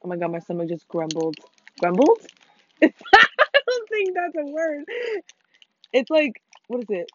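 A woman's voice: a little high, huge pitch swings, normal speed. Foul-mouthed, apologetic woman, lo-fi recording. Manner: swears freely and keeps apologizing. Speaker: podcast co-host. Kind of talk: casual chat while playing a video game. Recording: dull, lo-fi and dry.

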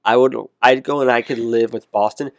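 A man's voice: mid-range voice, fairly even intonation, brisk, no room sound. Man, casual chat, rambling, self-correcting, dry close sound. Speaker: conversation partner.

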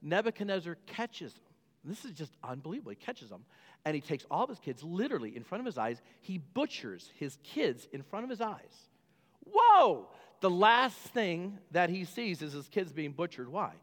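A man preaching a sermon to his church, telling a story with lively asides and questions aimed at the congregation. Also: a little high, fairly quick, in a large hall. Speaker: pastor.

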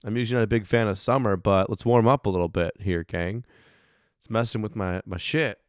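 A man in his thirties hosting a casual finance chat, hoarse from losing his voice, rambling and swearing with frequent restarts. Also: fairly low pitch, fairly even intonation, a little fast, dry recording, clean studio sound. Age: 30s. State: hoarse, recovering voice. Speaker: podcast host.

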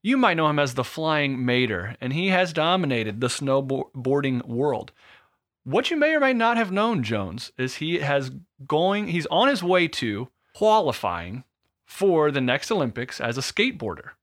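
A man's voice: a little high, big pitch swings, a little slow, a bit bright. A man in his thirties co-hosting a podcast, jokey and rambling in casual chat. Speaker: podcast co-host.

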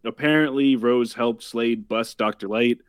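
Podcast host, male, deadpan recap delivery, dry close mic, mid-pitched. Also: unhurried, clear, resonant tone, no echo. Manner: wry, deadpan summarizing with profanity. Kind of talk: casual episode recap.

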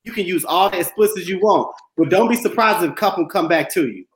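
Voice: medium pitch, quick pace. A school leader in their thirties co-hosting a casual podcast, talking bluntly and jokingly and repeating short phrases. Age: 30s. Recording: echoey room.

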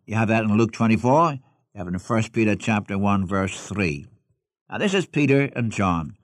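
A man's voice: on the low side, animated, normal speed, dry recording, clean studio sound. A man preaching a sermon who reads scripture aloud and puts questions directly to his listeners. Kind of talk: expository sermon.

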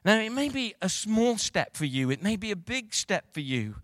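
A male pastor preaching a sermon, moving from quiet reflection to loud, rousing calls to the congregation. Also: sits high, sing-song, normal speed, no room sound, studio quality.

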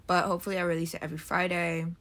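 A woman's voice: on the low side, flat delivery, racing, fairly bright tone. A young woman hosting a solo podcast, rambling casually and swearing freely, her voice a little throaty from just waking up. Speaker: podcast host.

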